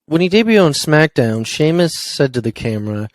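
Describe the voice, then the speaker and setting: A man's voice: on the high side, sing-song, normal speed, no room sound, poor audio. A man co-hosting a casual wrestling podcast, running through news with lots of ums and uhs. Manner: rambling with frequent ums and uhs. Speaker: podcast co-host.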